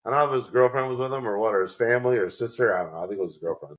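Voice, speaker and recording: Racing along in a lowish voice, a New Yorker co-hosting a podcast rambles through casual stories and performs the lines of the people in them. The audio is poor.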